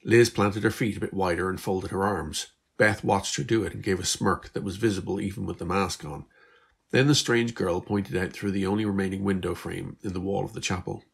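A man reading his own story aloud in a steady, measured storybook narration. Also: deep voice, creaky, husky.

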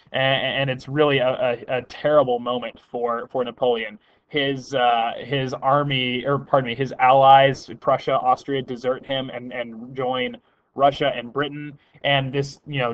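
A man's voice: medium pitch, fairly bright tone. Man, casual history lecture, fillers and self-corrections, muffled podcast sound. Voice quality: conversational with frequent fillers and restarts.

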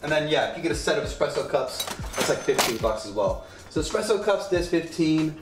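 A man's voice: on the high side, animated, a little fast, background noise. A man casually demonstrating a home coffee setup, chatty and rambling with joking asides. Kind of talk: casual product demo. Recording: echoey room with faint music.

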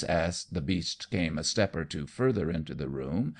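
A man reading a short story aloud as an audiobook narrator, measured and expressive. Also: rumbling low, vocal fry, slightly rough. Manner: measured, expressive reading that voices every character.

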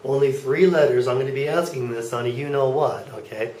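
A man's voice: medium pitch, fairly even intonation, brisk, darkish tone, slight background noise. A man teaching a German class, patiently explaining and checking in with students as he goes. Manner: patient, checks in with frequent okays. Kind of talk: classroom lecture. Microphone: far camera. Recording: echoey classroom from far off.

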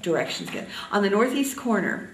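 An older woman from Indiana reminiscing in an oral history interview, halting often with ums. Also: mid-range voice, very animated, reverberant, distant mic, low-quality recording.

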